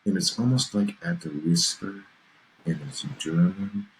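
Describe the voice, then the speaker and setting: Deep-voiced man telling an eerie story. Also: measured pace, vocal fry, slight background noise, poor audio. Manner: animated, builds suspense, checks in with "okay?". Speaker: podcast host. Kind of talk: casual storytelling chat.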